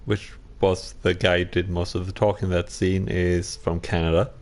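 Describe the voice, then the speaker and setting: A man's voice: sits low, moderate pace. A man casually commenting on his gameplay, musing aloud and reacting to himself as he plays. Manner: relaxed, musing, talks to himself while playing. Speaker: game streamer.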